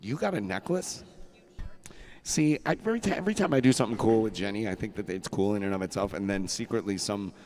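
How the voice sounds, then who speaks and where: A man hosts a casual live music show, telling rambling stories in a loose, profane way and laughing throughout. His voice is lowish with a darkish tone, and he talks fast with few pauses.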